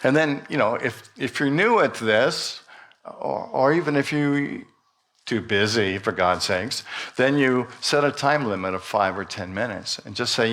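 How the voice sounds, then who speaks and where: A middle-aged man speaks from a church pulpit, calm and very unhurried. His voice sits at an ordinary pitch, and he gently guides the listeners through a breathing meditation with light humor. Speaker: minister. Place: church sanctuary.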